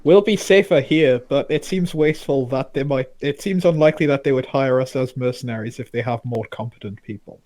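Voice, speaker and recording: A man's voice: mid-range voice, fairly quick, few pauses, a little mellow. A man playing a tabletop game, reasoning things out in an eager way. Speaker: player.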